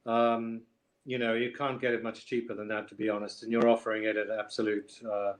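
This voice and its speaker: A man's voice: on the low side, flat delivery, brisk. A man speaks as a guest on a live wine show. He talks in an easygoing, friendly way and hedges his points. The sound comes through a video call. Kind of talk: casual chat on a video call.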